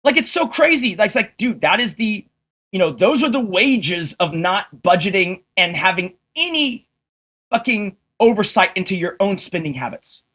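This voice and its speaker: A man's voice: sits high, big pitch swings, normal speed, a bit bright. Exasperated swearing male streamer. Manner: heavy swearing, exasperated and combative; addresses viewers directly with rhetorical questions. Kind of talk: ranting livestream monologue.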